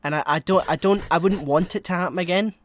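A man co-hosting a podcast, chatting casually and rambling, with loud outbursts between mumbled asides. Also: high-pitched, quick pace, no room sound. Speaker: podcast co-host.

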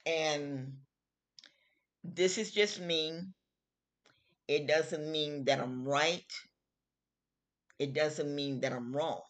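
A middle-aged woman hosting her own show, giving her opinion in a slow, emphatic, chatty way and repeating her phrases. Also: low voice. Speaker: host. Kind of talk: casual opinion talk.

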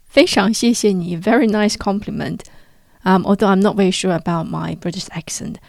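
Slow, clear-spoken woman podcast host. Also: medium pitch, a little mellow, dry recording, clean studio sound. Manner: speaks slowly and clearly. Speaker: podcast host and Chinese language teacher. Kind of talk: podcast outro reading listener messages.

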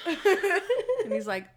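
A woman co-hosting a casual podcast chat, retelling scenes in an animated way, acting out quotes and laughing often. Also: extremely high pitch, extremely slow. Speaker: podcast co-host. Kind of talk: casual chat recapping a TV episode.

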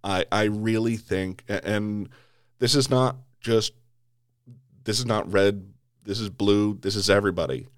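This American podcast host speaks in a fairly low, steady, unhurried voice even as he delivers an angry political tirade packed with swearing and repeated false starts. The sound is clean studio quality with no room sound.

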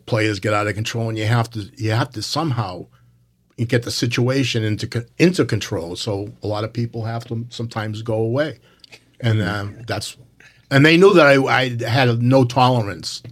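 Male umpire guest, lower voice, firm and rambling storyteller. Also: moderate pace. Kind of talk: casual storytelling.

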